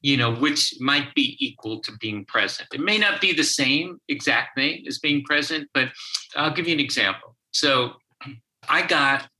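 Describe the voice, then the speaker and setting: A man speaking as an interview guest, telling a story from his counseling work in a halting way with frequent restarts. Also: mid-range voice, bright, forceful tone, poor audio. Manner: slow, halting, with many restarts. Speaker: guest, child therapist.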